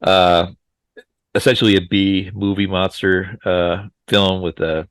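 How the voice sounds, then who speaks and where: Deep-voiced laid-back podcast host. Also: male voice, little pitch movement, measured pace, clean tone, no echo. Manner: easygoing, chuckles between remarks. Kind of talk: casual chat.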